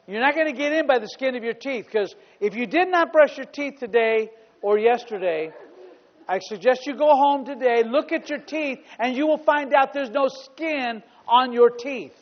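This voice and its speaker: A man preaching a sermon as pastor, emphatic and repetitive, building up to loud exclamations. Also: very high-pitched, moderate pace, long reverb tail, highs cut off.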